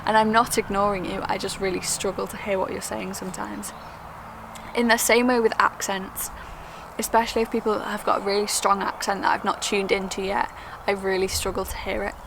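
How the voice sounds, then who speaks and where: Young uk woman chatting to camera, fast and earnest, gravelly, noisy traffic behind. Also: mid-range voice, little pitch movement. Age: young adult. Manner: chatty, quick, earnest with filler ums. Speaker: vlogger. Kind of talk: casual talk to camera.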